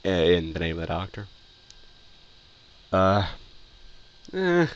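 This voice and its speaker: A man's voice: low-pitched, sing-song, takes it slowly, muffled recording. A man casually giving a rambling opinion review, full of fillers, restarts and repeated phrases. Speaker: video reviewer.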